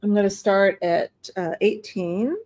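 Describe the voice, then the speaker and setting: A woman's voice: medium pitch, fairly even intonation, a little slow. A woman running a live online auction, chatting casually about each item and talking to bidders. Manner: chatty, rambling, warm toward bidders, many fillers. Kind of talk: casual live-stream selling chat.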